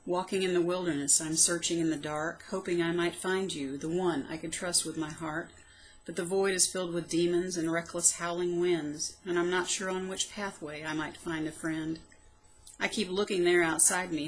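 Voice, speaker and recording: Low-voiced woman reading her poems. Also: level tone, slight background noise, poor audio. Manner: soft, slow and reflective, with spoken asides between poems. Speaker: poetry reader.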